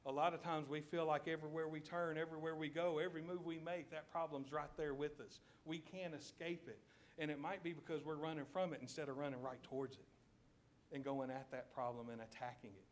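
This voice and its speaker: A man preaching a sermon in a church, telling a story with lively checks of the congregation. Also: a little high, brisk, slight background noise. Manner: animated storytelling, addresses congregation with "okay?". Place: church sanctuary.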